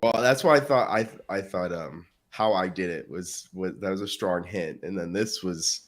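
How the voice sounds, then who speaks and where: Deep-voiced man chatting about a film. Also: normal speed. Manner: laughing, retelling scenes in quoted voices. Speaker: podcast co-host. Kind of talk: casual chat.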